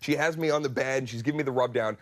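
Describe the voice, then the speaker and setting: A man's voice: medium pitch, very fast. A man in his thirties, a comedian guest, telling comic stories on a studio talk show and acting out the voices. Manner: animated storyteller, acts out voices, laughs often.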